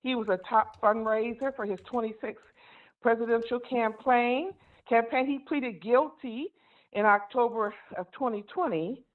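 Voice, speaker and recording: A woman's voice: fairly high pitch, unhurried. A woman calling in to a talk show, carefully reading out names and details from a list. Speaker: caller. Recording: tinny phone line.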